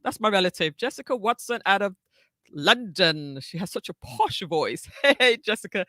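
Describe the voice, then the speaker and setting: A woman's voice: mid-range voice, animated, moderate pace, pushed and bright, dry recording, clean studio sound. A woman teaching social media on a live stream, chatting with viewers, greeting them by name and repeating her phrases. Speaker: social media tutor hosting a live session. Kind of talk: live-stream tutorial chat.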